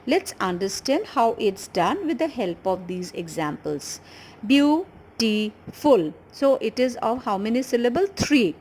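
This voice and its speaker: A woman teaching an English grammar lesson with an Indian English accent, explaining patiently and slowly repeating key words. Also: fairly high pitch, very animated, a little mellow, a little hiss or hum, poor audio.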